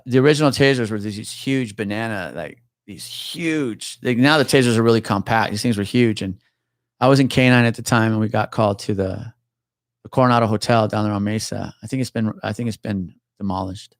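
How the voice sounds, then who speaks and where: A man in his forties, a retired police officer, telling a profane, animated story as a podcast guest. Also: fairly low pitch, fairly quick, dry recording, clean studio sound. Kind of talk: casual storytelling chat.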